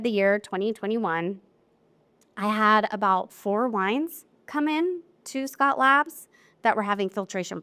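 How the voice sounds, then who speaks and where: A woman giving a live technical seminar talk about winery lab work, chatty and candid with animated asides. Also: mid-range voice, no room sound. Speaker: wine lab technical presenter.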